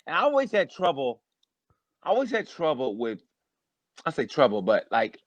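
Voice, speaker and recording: A man, a guest comedian, chatting casually on a podcast with high, animated energy, telling stories. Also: moderate pace, no room sound, dull audio.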